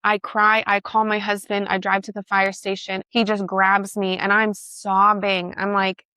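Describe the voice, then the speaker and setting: A woman tells her story with blunt, emotional emphasis and the odd swear word. Her voice is bright and forceful. The sound is close and dry, with no room in it. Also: mid-range voice, level tone, unhurried, clear, resonant tone, no echo. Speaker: guest. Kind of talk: personal storytelling in conversation.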